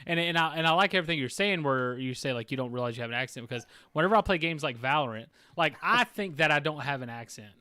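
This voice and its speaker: A man's voice: a little high, lively intonation, fast talker, few pauses, pushed and bright, clear, resonant tone. A man hosting a casual podcast chat, joking and telling stories. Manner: joking, storytelling. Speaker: podcast host.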